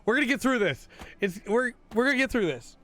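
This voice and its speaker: Man, podcast host, casual review, losing his voice, bright tone, rambling. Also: very high voice, expressive, fairly quick. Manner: rambling, enthusiastic, self-correcting.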